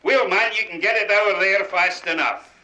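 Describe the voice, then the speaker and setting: A man's voice: high-pitched, normal speed, sharp tone, reverberant, muffled recording. A man voicing a proud Scottish tour guide with a Scottish accent, inside a joke on a vintage comedy record. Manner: proud, dry.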